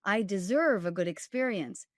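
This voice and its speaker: A woman's voice: mid-range voice, expressive, normal speed, no room sound, studio quality. A woman dating coach and author, speaking directly and emphatically as a guest, with wry humor. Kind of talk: candid storytelling interview.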